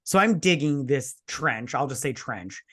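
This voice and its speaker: A young man rambles through a long anecdote on a casual review podcast, swearing freely and slipping into quick impressions of the people in it. His voice sits in an ordinary middle range. He spins his tale with loose, chatty energy. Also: mid-range voice, expressive, fairly bright tone, breathy edge. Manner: rambling storyteller, swears a lot, mimics voices. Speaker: podcast co-host. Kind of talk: casual drunk movie-review chat.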